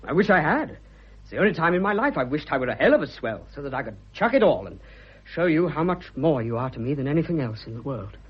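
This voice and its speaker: An actor as a bluff, fervent young suitor. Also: male voice, a little high, very animated, fast talker, breathy edge. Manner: bluff, fervent, stammering when moved. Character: eager young male suitor, blunt and boyish. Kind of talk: vintage radio drama acting. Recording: dull lo-fi old radio recording.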